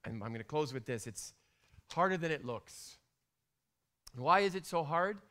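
Middle-aged man, pastor preaching, high-pitched, bright tone, lively swings from whisper to loud. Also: moderate pace. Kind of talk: sermon.

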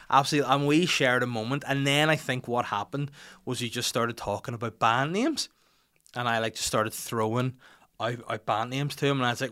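A young man hosting a podcast, telling a rambling, self-mocking story and getting louder when he quotes himself. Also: mid-range voice, fairly even intonation, fairly quick. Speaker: podcast host. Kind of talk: casual chat and anecdote.

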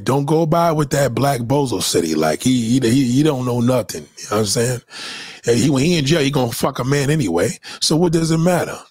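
Husky guy on a podcast, swears a lot, rambling stories, pitch all over the place. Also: no echo. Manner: loose, profane storytelling, lots of restarts. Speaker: podcast host. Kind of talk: casual podcast chat reading live comments.

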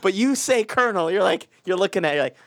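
A man co-hosting a podcast, ranting loudly and swearing in casual banter. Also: high-pitched, expressive, fast talker, no room sound. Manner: loud, profane, ranting rants with put-on voices. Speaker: podcast co-host.

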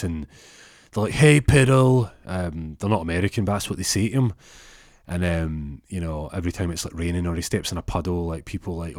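A man's voice: sits low, dry recording, studio quality. A man telling a story casually, in a rambling, meandering way.

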